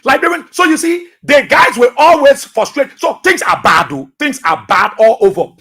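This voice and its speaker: High-voiced, impassioned Liberian man. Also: big pitch swings, moderate pace, sharp tone, breathy edge, soft background music. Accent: Liberian English. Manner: impassioned, repeats phrases for emphasis. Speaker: radio talk host. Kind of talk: political radio commentary.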